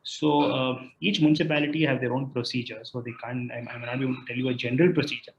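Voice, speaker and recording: A man's voice: medium pitch, flat delivery, quick pace, gravelly, noisy background. A man acting as a legal expert, explaining citizens' rights in a live online Q&A, hesitant with frequent restarts and fillers. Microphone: video call. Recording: roomy, muffled video call audio.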